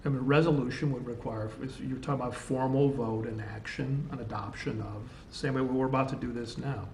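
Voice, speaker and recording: A town councilor in a meeting discussion, talking hesitantly and thinking aloud with many restarts. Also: male voice, mid-range voice, fairly even intonation, brisk, gravelly, a little mellow, reverberant, slight background noise.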